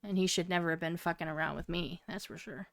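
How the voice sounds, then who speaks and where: A woman's voice: on the low side, fairly even intonation, fast, creaky, fairly bright tone, dry recording, clean studio sound. Profane, rambling woman in her twenties. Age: 20s. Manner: profane, meandering storyteller with many fillers. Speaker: podcast co-host. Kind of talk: casual storytelling.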